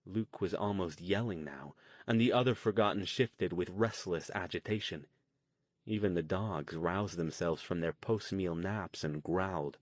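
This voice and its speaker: A man reading an audiobook as narrator, in steady storytelling. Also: deep voice, measured pace, dry recording. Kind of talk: scripted narration.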